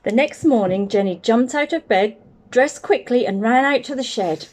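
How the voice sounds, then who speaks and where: A woman with a New Zealand accent reading a children's picture book aloud in an expressive read-aloud manner. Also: a little high, moderate pace. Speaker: storyteller.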